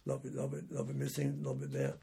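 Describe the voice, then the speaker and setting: A man's voice: medium pitch, very animated, rapid-fire, warm tone. An older man, a war veteran, telling rambling stories from his service in an oral history interview, often repeating and restarting words. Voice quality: gravelly and raspy.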